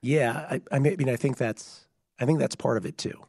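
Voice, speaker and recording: A man co-hosting a casual sports chat, voice hoarse and giving out, talking in a conversational way and explaining background. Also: medium pitch, moderate pace, a little mellow, no room sound, studio quality. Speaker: podcast co-host.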